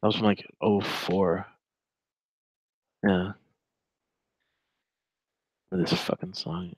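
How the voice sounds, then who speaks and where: A man's voice: low voice, big pitch swings, extremely slow, vocal fry, long pauses, breathy edge, no room sound, lo-fi sound. A man in his twenties giving casual, rambling reaction commentary while reading a chat log, with sarcastic asides.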